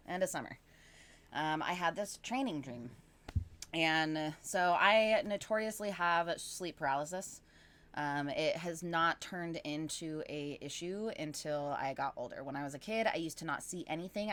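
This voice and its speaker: A woman guest on a podcast, telling a long personal story casually, animated and rambling with lots of fillers. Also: deep voice.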